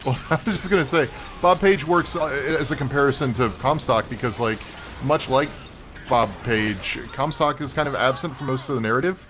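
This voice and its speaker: A man's voice: medium pitch, normal speed, a bit bright, slight background noise. Opinionated man chatting over gameplay. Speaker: podcast co-host. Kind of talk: casual chat over gameplay.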